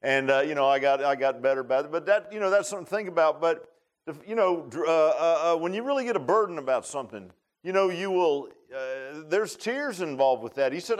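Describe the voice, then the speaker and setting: A man's voice: on the high side, lively intonation, fairly quick. A middle-aged man preaching a sermon in a folksy, conversational way, full of "uh" fillers and restarts. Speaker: pastor. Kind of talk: sermon with opening prayer.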